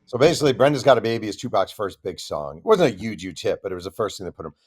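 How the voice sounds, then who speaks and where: A man with a lowish voice tells a long story as an author guest on an interview show. He is animated and drops into the voices of the people he quotes. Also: racing, slightly rough.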